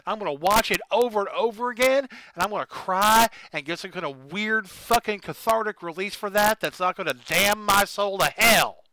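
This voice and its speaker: A man's voice: high-pitched, normal speed, hardly any pauses, rough recording. A man co-hosting a casual movie chat, sarcastic and crude, telling the plot with jokes. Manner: animated, sarcastic, crude humor. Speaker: podcast co-host. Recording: dry close sound.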